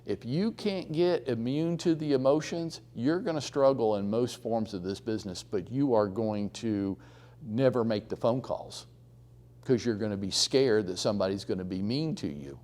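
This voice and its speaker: A man teaches a room full of agents in a blunt, animated way. He swings between stories and little acted-out phone calls, and his voice sits at an ordinary pitch for a man. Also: normal speed. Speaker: real estate trainer. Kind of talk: live training talk to a room. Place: training room with audience.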